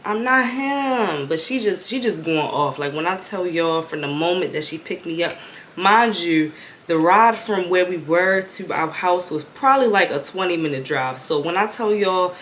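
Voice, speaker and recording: A young woman vlogger with a fairly low voice tells a casual storytime at a slightly slow pace, chatty and slang-filled, building up to exasperated outbursts. There's a little background noise.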